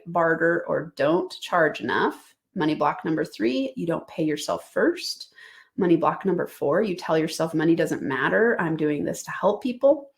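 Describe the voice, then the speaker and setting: A woman's voice: on the low side, creaky. A woman hosting her own business podcast, coaching listeners in an enthusiastic, conversational and emphatic way. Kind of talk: solo podcast teaching.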